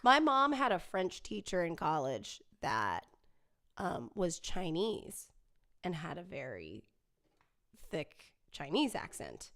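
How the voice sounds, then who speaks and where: Unhurried, smooth-voiced woman chatting on a live stream. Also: mid-range voice, sing-song, a bit bright. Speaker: livestream host reading viewer comments; singer. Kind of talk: casual live-stream chat.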